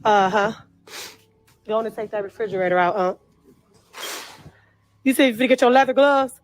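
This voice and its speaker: A woman filming on her phone while clearing out a dirty house, talking bluntly with lots of swearing and exclamations. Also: medium pitch, normal speed, faint music behind. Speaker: cleanup crew member filming a house. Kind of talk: casual vlog commentary while working.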